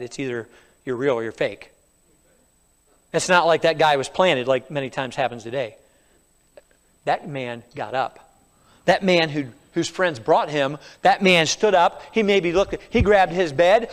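A male pastor preaching a sermon, swinging from loud emphasis to hushed tones. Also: high voice, long reverb tail. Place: church sanctuary.

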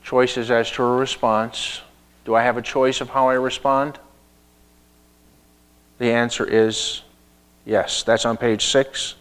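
A male pastor with a mid-range voice preaches a sermon, telling a story full of rhetorical questions and abrupt swings between loud and hushed delivery. The recording is rough.

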